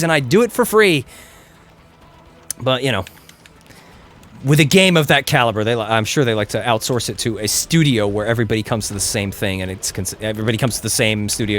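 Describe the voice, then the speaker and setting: A man chatting casually to his chat while playing an action game, getting loud and excited during fights. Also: medium pitch, fast, a little hiss or hum. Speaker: game streamer.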